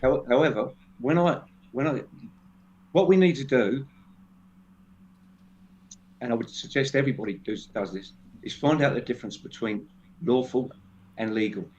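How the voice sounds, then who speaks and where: A man speaking as a guest in a casual discussion, halting and restarting often. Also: medium pitch, a little mellow. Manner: halting, many restarts and fillers. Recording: dull lo-fi sound with faint noise.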